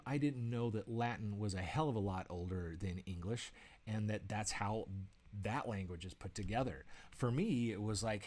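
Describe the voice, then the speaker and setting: A man, an author and educator, explaining ideas through personal stories in a relaxed spoken lesson, with fillers and restarts and lively bursts when he acts out quoted speech. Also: fairly low pitch, measured pace. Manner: animated storytelling, acts out quoted outbursts; conversational, with frequent fillers and restarts.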